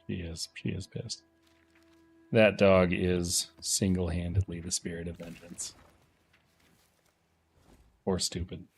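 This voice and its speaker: A man streaming a game, chatting casually and playfully teasing his chat, often dropping into quiet muttering. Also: low voice, flat delivery, slow, gravelly, long pauses, a little hiss or hum. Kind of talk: casual live-stream commentary.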